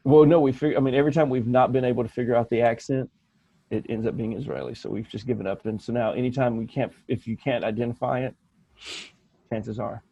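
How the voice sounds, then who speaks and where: A man's voice: mid-range voice, fairly even intonation, quick pace, creaky, dark tone, husky, no room sound, highs cut off. A man co-hosting a podcast, telling rambling anecdotes in casual chat with frequent restarts. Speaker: podcast co-host.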